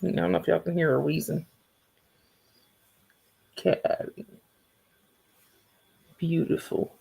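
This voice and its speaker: Rapid-fire and creaky, this woman's low voice has fairly even intonation, a breathy edge and a slightly mellow quality. She hosts a livestream with a Southern accent, rambling casually with viewers and restarting sentences.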